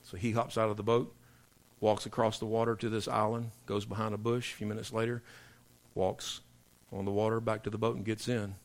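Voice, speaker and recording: A man preaching a sermon, telling joke stories in a folksy way, then building into loud emphatic preaching. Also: fairly low pitch, little pitch movement, a little fast. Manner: folksy storyteller, swings from soft asides to loud emphatic preaching.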